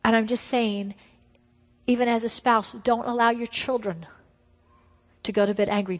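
A middle-aged woman preaching a testimony sermon. She tells her story emphatically, sometimes dropping to hushed tones. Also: fairly high pitch, fairly even intonation, moderate pace, long pauses. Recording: long hall reverb.

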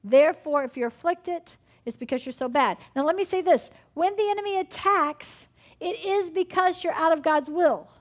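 Woman, preacher, sermon, high voice, fervent, acts out prayers. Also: normal speed.

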